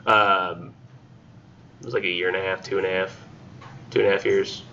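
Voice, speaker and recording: A man's voice: low voice, level tone, normal speed, vocal fry, bright, forceful tone, muffled recording, slight background noise. A man teaching a class in a casual, rambling way with many fillers. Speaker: instructor.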